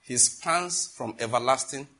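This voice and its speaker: A man's voice: medium pitch, measured pace. A middle-aged man with a Nigerian accent preaching a sermon, exhorting his listeners and telling stories from his own life. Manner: animated and exhorting, with storytelling asides.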